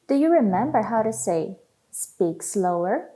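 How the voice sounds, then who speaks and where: A woman teaching a language lesson, saying each phrase slowly and clearly, then repeating it for learners. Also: medium pitch, lively intonation, mellow.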